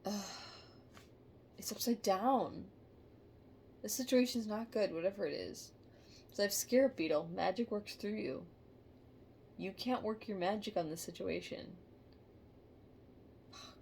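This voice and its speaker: A woman giving a casual tarot reading to camera, halting and emotional, sighing and musing aloud. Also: medium pitch, gravelly, darkish tone, a little hiss or hum. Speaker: tarot reader.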